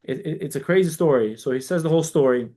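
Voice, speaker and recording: A fast talker with a fairly high pitch, this podcast guest grew up in New York and founded a community organization. In a casual interview he launches into long, animated stories, quoting people's lines in dialogue and often restarting.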